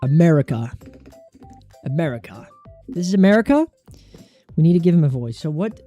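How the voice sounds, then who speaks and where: A woman streamer chatting excitedly and giggling through casual gameplay commentary. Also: deep voice, unhurried, pauses often, muffled recording, soft background music.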